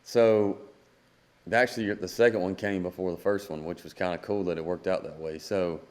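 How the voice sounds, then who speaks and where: Deep-voiced man telling a story. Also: moderate pace. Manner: animated storyteller acting out quoted dialogue. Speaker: guest country singer-songwriter. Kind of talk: storytelling in a podcast interview.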